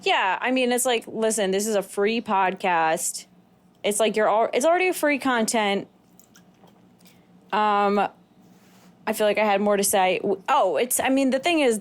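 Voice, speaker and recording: A woman co-hosting a podcast in casual chat, speaking bluntly and frankly with a wry edge. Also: medium pitch. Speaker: podcast co-host.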